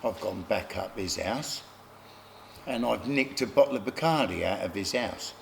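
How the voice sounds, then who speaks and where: A middle-aged man, telling rough stories from his life as an interview guest, often laughing and acting out other people. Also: fairly low pitch, lively intonation, moderate pace, slight background noise. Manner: gravelly, laughing anecdotes, acts out other voices. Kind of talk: casual storytelling.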